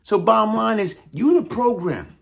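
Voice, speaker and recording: A man's voice: high-pitched, expressive, normal speed, vocal fry, a bit bright. A man delivering a heated, taunting call-out monologue in blunt street talk. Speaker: YouTube commentator.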